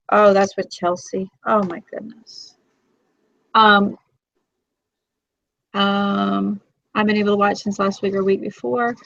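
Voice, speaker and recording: A woman in her forties hosting a casual live chat, talkative and emotional, quick to tear up. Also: medium pitch, vocal fry, a bit bright, no echo. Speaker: host. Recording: dull, lo-fi, dry.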